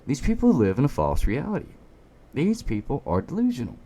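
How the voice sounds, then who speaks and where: A man's voice: medium pitch, wildly swooping pitch, brisk, mellow. A man giving a ranting opinion commentary, emphatic and sarcastic, hammering at his points with repeated rhetorical questions. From United States. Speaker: political commentator.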